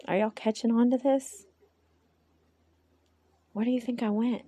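A woman with a gravelly, slightly husky voice speaks candidly into her phone for her own podcast. She rambles in an unscripted monologue and keeps talking to herself aloud. She brings her faith in God into the talk. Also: mid-range voice, level tone, normal speed, mellow. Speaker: podcast host.

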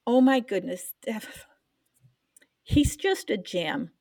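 A woman's voice: mid-range voice, sing-song, slow, gravelly, a little mellow, dry recording. An older woman, a podcast co-host, telling an emotional personal story in casual chat, trying to hold back tears.

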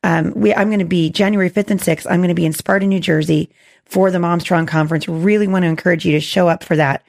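A woman hosting a faith podcast, hoarse with a gravelly voice, earnest and encouraging with many restarts. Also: on the low side, steady tone, fast talker, darkish tone. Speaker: podcast host.

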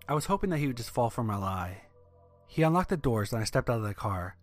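A man narrating true scary stories in a steady, scripted storytelling read. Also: mid-range voice, fast. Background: soft background music.

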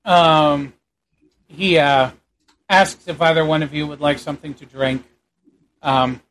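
Male game master, chatty and halting. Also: fairly high pitch, fairly even intonation. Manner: halting, filler-heavy narration with quiet in-character lines. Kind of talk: narrating a tabletop game.

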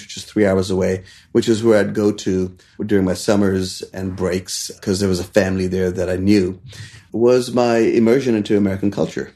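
A middle-aged man from India, a chef and restaurant owner, telling stories in a casual interview, acting out quotes in a raised voice and laughing between lines. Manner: animated storyteller who acts out quotes in a higher voice and laughs between lines.

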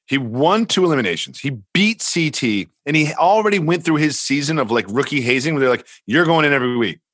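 A man co-hosting a podcast in casual chat, animated, sarcastic and rambling. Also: on the high side, a little fast, dry recording. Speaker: podcast co-host.

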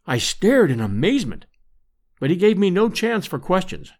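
A man narrating an adventure audiobook in measured, expressive storytelling. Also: high voice. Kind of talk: scripted narration.

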